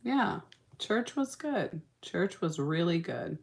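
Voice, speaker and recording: A tired young woman chatting through her makeup livestream, her voice low and unhurried. She swings her pitch up and down a lot and laughs between thoughts, drifting into fillers as she reads comments. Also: expressive, gravelly. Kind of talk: casual livestream chat reading comments.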